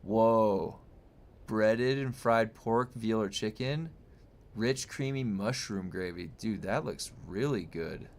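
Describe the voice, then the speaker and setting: Streamer type: young man, slightly low voice, loose rambling chat with his audience. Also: slow pace, creaky, a little hiss or hum. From United States. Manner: rambling, chatty, with frequent fillers and restarts. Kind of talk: casual chat reading viewer comments.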